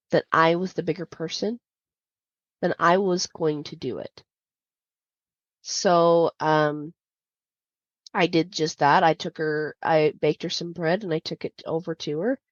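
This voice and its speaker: A woman's voice: low voice, steady tone, takes it slowly, pauses often, no echo. Candid woman telling a personal story. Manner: candid, confiding, with many fillers. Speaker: podcast host. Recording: dull lo-fi dry sound.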